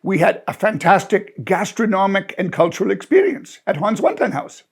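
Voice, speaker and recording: A man voicing a serious, literal-minded German musician with a German accent, formal and deadpan. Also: high-pitched, moderate pace, creaky, husky, full character voice.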